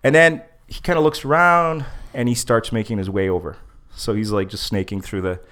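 A man's voice: on the low side, steady tone, fairly quick, a bit bright. A man, a comedian guest, telling a story in casual chat, acting out dialogue and laughing often.

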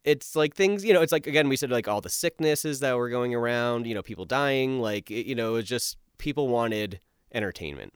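A man's voice: mid-range voice, expressive, fairly quick, few pauses, clear, resonant tone, no echo, clean studio sound. A man co-hosting a casual podcast chat, rambling with lots of fillers. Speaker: podcast co-host.

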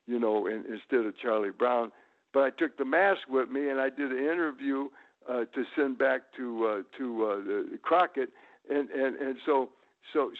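A man telling rambling stories as a guest, with lots of repeated starts and sudden loud, high showman bursts. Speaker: guest, retired pro wrestler. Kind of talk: casual storytelling. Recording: tinny phone-line audio.

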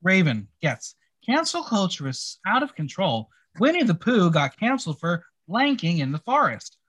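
A man co-hosting a podcast, chatting casually and reading out answers with wry, quick reactions. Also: sits high, wildly swooping pitch, fairly bright tone, breathy edge, dry recording. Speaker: podcast co-host. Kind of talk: casual recap chat.

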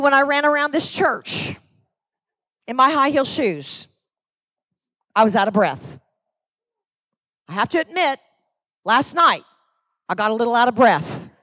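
A woman's voice: high-pitched, fairly bright tone, slightly rough, no echo. A middle-aged woman from Florida preaching a sermon to her church with energy, calling out to the congregation. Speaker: pastor.

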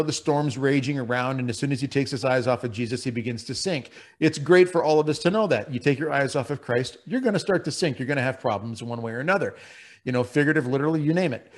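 A man hosting a faith talk show, earnest, telling stories and asking long questions. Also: fairly high pitch. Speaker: host.

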